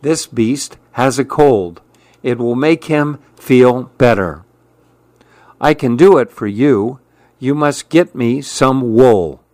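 Storybook vet, a brisk, practical woman, as a man reading aloud puts her on; unhurried, dry delivery. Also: medium pitch, darkish tone, dry recording, natural voice. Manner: practical, matter-of-fact. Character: brisk helpful female vet.

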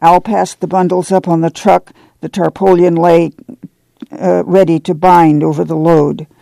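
A man's voice: fairly high pitch, level tone, measured pace, gravelly, dark tone, no echo. A man reading a novel aloud, with drawled folksy dialogue. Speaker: audiobook narrator. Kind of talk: scripted narration with acted dialogue.

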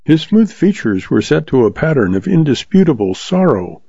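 A man narrating a story in a steady audiobook reading. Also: fairly high pitch, normal speed, gravelly, slightly rough. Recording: slightly dull, dry recording.

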